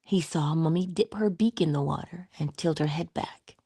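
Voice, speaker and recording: A woman giving a spiritual motivational talk in a soft-spoken way, often dropping into whispers, with playful, affectionate asides. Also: deep voice, normal speed, breathy edge, no echo, clean studio sound. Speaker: inspirational speaker.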